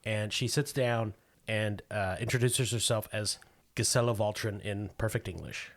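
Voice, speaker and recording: A man's voice: lowish voice, moderate pace. A man running a tabletop game, narrating scenes steadily and breaking in with casual asides. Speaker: game master.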